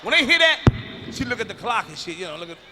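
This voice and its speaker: A man telling a profane story on stage as a stand-up comedian, loud and animated. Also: high-pitched, quick pace, noisy background. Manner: loud, animated, swearing freely. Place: comedy stage before an audience. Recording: reverberant live hall recording.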